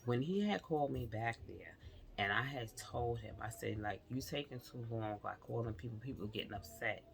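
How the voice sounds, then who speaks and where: A woman vlogger telling a personal story in a casual, animated way, talking straight to her viewers and slipping into whispered asides. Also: rumbling low, moderate pace, gravelly, slight background noise.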